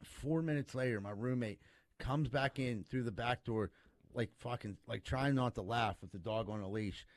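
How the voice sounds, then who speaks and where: A man's voice: mid-range voice, normal speed. A man, a comedian, telling a rambling, profane story in casual podcast talk and acting out the voices of the people in it. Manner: swearing, rambling, acts out voices in his story.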